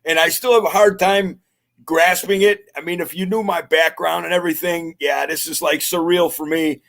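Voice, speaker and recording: A man's voice: a little high, fairly even intonation, moderate pace, creaky, fairly bright tone. A man being interviewed on a podcast, humble and rambling as he tells his story in casual chat, with plenty of fillers. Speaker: podcast guest.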